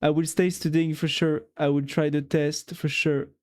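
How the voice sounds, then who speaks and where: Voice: mid-range voice, little pitch movement, moderate pace, darkish tone. A streamer with a French accent, chatting casually on a live stream and teasingly giving a viewer a pep talk.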